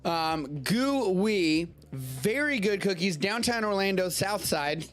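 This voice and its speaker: A man's voice: high-pitched, lively intonation, takes it slowly, fairly bright tone, soft background music. A man hosting a live show in casual chat, loose and rambling as he talks, swearing offhandedly now and then. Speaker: show host. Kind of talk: casual chat, tasting food. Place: home studio during a live stream.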